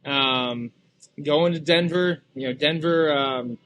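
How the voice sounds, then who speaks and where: A man who co-hosts a sports talk show and represents a casino speaks slowly in a slightly high, somewhat bright voice on a lo-fi recording. The chat is casual and hesitant, with many fillers and restarts.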